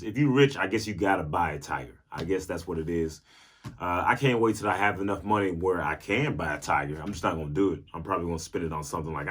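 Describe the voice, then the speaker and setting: A young man hosting a casual rambling podcast at home, recorded on a phone, talking in an animated, jokey way that slips into sung bits. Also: fairly low pitch, slightly rough. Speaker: podcast host. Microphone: phone mic.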